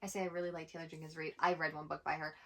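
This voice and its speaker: A woman's voice: sits low, little pitch movement, very fast, bright, forceful tone. A woman co-hosting a casual book haul chat with her sister, rambling and chatty, with lots of "like". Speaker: co-host of a twin sisters' book channel.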